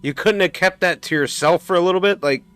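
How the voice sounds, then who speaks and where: A man voicing an angry, exasperated male adventurer who sputters and shouts in a tabletop game. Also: high-pitched, quick pace, clean tone, voice pushed up. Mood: furious.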